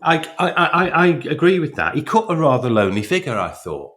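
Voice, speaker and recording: A man co-hosting a football podcast in casual, animated chat, often repeating words as he starts a thought. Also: fairly high pitch, brisk. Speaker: podcast co-host.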